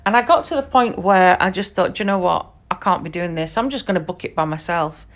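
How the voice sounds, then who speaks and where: A woman's voice: on the low side, a little fast. A British woman in her forties shares her own travel memories on a podcast. She speaks chattily, leans hard on the points she wants to land, and often drops in little asides to the listener. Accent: British English. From England. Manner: conversational, emphatic, lots of fillers and asides. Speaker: podcast host. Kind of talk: personal storytelling monologue.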